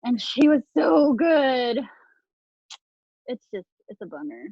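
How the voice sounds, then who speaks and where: A woman's voice: fairly high pitch, big pitch swings, slow, creaky, slightly rough, dry recording. A woman co-hosting a wrestling podcast in casual chat, talking with lots of fillers and frequent laughs. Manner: chatty, laughs often, many fillers. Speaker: podcast co-host. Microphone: video call. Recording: dull lo-fi remote call audio.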